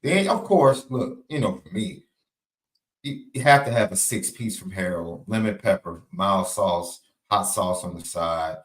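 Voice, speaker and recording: A man from Chicago co-hosting a casual sports podcast, talking in an animated, folksy way. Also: sits low, unhurried, roomy sound. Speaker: co-host.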